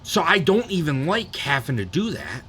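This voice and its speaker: Young man, streamer, bright crisp voice, swears a lot, rambling casual talk. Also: a little high, wildly swooping pitch, normal speed, a little hiss or hum. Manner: profane, rambling storytelling. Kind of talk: casual live-stream chat.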